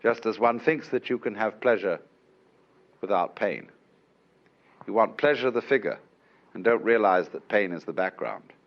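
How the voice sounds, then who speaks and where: A man giving a public lecture in an unhurried, wry way, with chuckles, on an old lo-fi recording from a lecture hall. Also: on the low side. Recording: dull lo-fi archive lecture recording.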